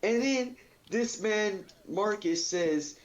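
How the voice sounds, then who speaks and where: A man's voice: high-pitched, takes it slowly. A teenage boy streaming, talking casually and rambling with lots of fillers. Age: teens. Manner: rambling, full of fillers and quoted outbursts. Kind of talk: casual chat while gaming. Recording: dull lo-fi mic with faint hiss.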